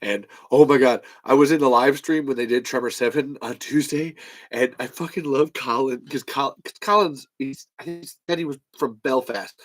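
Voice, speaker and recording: A man's voice: medium pitch, moderate pace, low-quality recording. Male podcast host, casual, rambling, salty language. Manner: rambling, profane. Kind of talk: casual chat.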